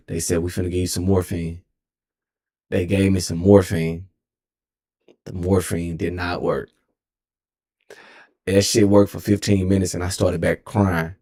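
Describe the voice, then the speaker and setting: A man's voice: low-pitched, a little mellow. A young man in his twenties with a Texan accent, telling a story as a streamer in a rambling, profane way and often correcting himself. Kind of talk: casual storytelling.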